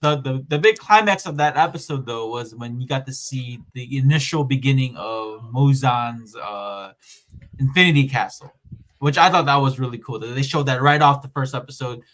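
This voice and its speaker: A man hosting a casual podcast, chatting and recapping scenes in an animated way, often laughing as he retells them. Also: mid-range voice, moderate pace. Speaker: podcast host.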